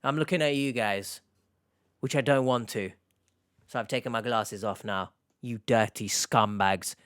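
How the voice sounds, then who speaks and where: A man's voice: mid-range voice, measured pace, fairly bright tone, clean tone, no room sound, studio quality. A man hosting an online reaction video, giving sarcastic, mocking commentary in a casual way.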